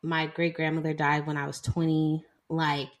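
A woman's voice: deep voice, little pitch movement, normal speed. A woman in her twenties, co-hosting a casual book chat and chatting with lots of "like" and "y'all.". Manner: chatty, heavy use of "like" and "y'all". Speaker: podcast co-host.

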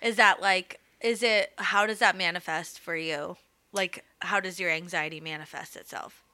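A woman's voice: fairly low pitch, fairly even intonation, moderate pace, sharp tone. A woman co-hosting a podcast, with a slight lisp from braces, chatting in a laid-back, trailing-off way. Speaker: podcast co-host. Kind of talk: casual chat.

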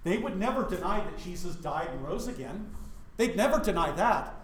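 A middle-aged pastor from Wyoming leads a Bible study in a church and keeps throwing questions at his listeners. His voice sits fairly high for a man. The room gives it a clear echo. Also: moderate pace. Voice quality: animated, questioning the audience.

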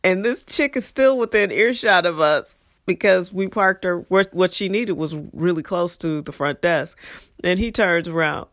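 A woman telling stories from her past in a blunt, animated, profane way, acting out what people said. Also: on the low side, normal speed, no room sound, studio quality. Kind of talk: casual storytelling monologue.

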